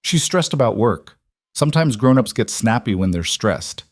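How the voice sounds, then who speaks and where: A patient single father with a gentle, steady manner and a fairly low man's voice, as the narrator plays him. He stays calm and firm, and the recording is close and dry. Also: moderate pace, no echo.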